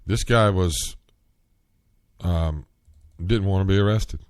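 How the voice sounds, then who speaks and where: A man hosting a solo podcast, talking in an earnest, rambling way, getting worked up and rising in pitch at times. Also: slow pace, a little mellow, clear, resonant tone, no room sound, clean studio sound. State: coughing, clearing throat. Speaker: podcast host.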